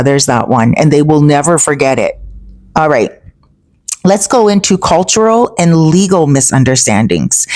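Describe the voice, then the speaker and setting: Chatty woman vlogger with a lowish voice. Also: darkish tone, no room sound. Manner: chatty, asks "right?" and "you know?" to check in with viewers. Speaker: travel vlogger living abroad. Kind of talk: casual explainer with storytelling.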